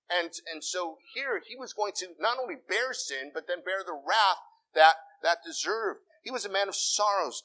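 A middle-aged man preaching a sermon in a conversational way, with asides and quick self-corrections. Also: sits high, bright, forceful tone, low-quality recording. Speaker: pastor.

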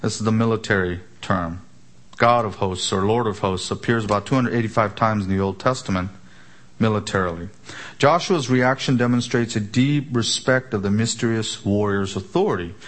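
A man preaching an expository sermon, emphatic, asking rhetorical questions and slowing down on key words. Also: lowish voice. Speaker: pastor.

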